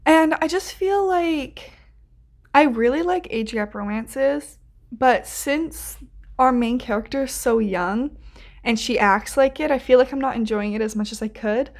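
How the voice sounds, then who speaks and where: A woman's voice: high-pitched, a little slow. A seventeen-year-old girl chatting casually in a reading vlog, rambling with lots of fillers and restarts. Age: teens. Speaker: book vlogger.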